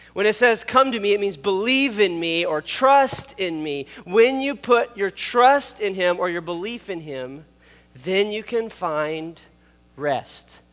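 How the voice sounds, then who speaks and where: The speaker is a pastor in his thirties giving a playful, informal youth sermon on a church hall stage, joking in asides and laughing, with a microphone on. His high, slightly bright voice carries a big-room sound.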